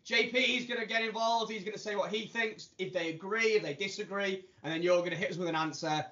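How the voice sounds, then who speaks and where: A man's voice: sits high, fast talker, pushed and bright. A man hosting a comedy podcast, giggly and teasing as he runs the segment. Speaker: podcast host. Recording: slightly dull lo-fi sound.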